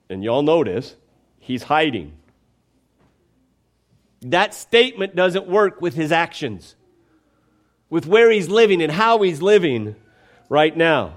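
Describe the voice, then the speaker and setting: Preacher guy, fairly high voice, bounces all over the place, keeps going "okay?". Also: big pitch swings, slow pace, long pauses. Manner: conversational, emphatic, checks in with "okay?". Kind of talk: sermon.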